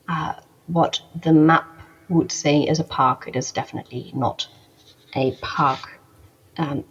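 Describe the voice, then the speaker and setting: Woman game master, low gravelly voice, hesitant delivery full of ums, dull lo-fi recording. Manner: hesitant, many ums and restarts. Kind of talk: narrating a tabletop game.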